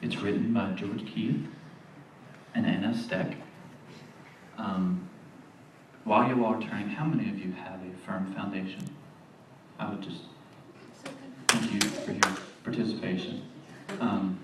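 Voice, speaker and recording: A man's voice: lowish voice, steady tone, measured pace, long pauses. A man leading a hymn, speaking hesitantly with many fillers. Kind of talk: introducing a hymn. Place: live venue. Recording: echoey hall, far from the mic, noisy.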